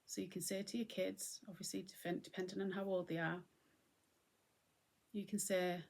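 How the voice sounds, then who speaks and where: A middle-aged woman giving a gentle, conversational talk on mindfulness and acceptance as host. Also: fairly low pitch, flat delivery, normal speed, gravelly, pauses often. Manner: gentle, conversational, often acting out what she would say.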